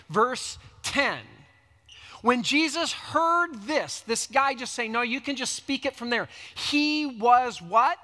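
A man preaching a sermon, teaching in an unhurried, conversational way and reading scripture dramatically. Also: very high voice, pushed and bright. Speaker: pastor. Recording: long hall reverb.

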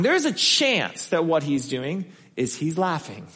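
A man's voice: fairly high pitch, big pitch swings, a little slow, fairly bright tone, slightly rough. A man preaching a conversational sermon as pastor, acting out the voices he quotes. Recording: long hall reverb.

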